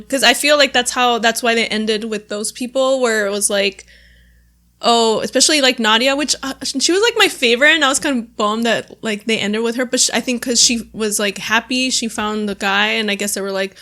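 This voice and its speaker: Bright, chatty young woman. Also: a little high, normal speed. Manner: chatty, lots of "like" and laughs. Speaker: podcast host. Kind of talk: casual chat.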